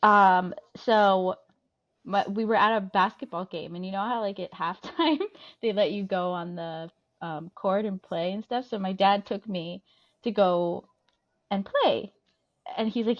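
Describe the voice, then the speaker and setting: A woman tells a story about herself in a bashful, self-mocking way, in easy casual chat. Her voice sits at a middle pitch and comes through a dull, lo-fi recording. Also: measured pace.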